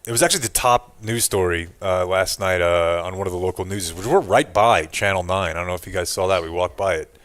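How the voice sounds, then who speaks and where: A man's voice: low-pitched, a little fast, few pauses, a bit bright. A man hosting a radio show, chatting casually and rambling, laughing often and poking fun at himself. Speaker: radio host.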